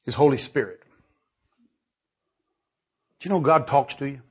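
A male preacher giving an emphatic sermon full of rhetorical questions, swinging between loud and hushed delivery, on a dull lo-fi recording. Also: medium pitch, measured pace, slightly rough.

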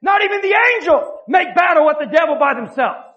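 A male preacher, not a native English speaker, delivering a fiery sermon with passionate shouting, stammered restarts and sudden quiet asides. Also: extremely high pitch, lively intonation, fairly quick. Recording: dull lo-fi church recording.

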